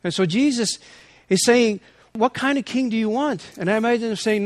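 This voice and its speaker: High-voiced man reading and preaching a sermon. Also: a little fast, dry recording, clean studio sound. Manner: earnest, rising in intensity, with restarts. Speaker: priest.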